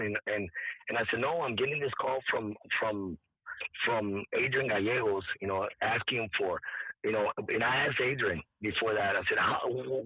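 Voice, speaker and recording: A hoarse man, an event organizer telling a story in halting, repetitive speech, as if his voice is nearly gone. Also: medium pitch, no echo. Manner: halting, repeats words, quotes others. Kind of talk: casual interview storytelling. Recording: dry tinny phone-like line.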